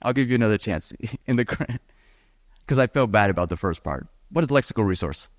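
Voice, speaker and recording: A man teaching a live seminar on the speaking exam, lively and encouraging, talking straight to his audience. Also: on the low side, fairly quick, no echo, clean studio sound. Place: event hall with audience.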